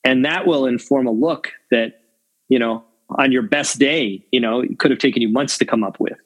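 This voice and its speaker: A man's voice: mid-range voice, moderate pace, slightly rough, rough recording. A man talking casually in an interview about cinematography, rambling with many restarts and "you know"s. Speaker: cinematographer guest.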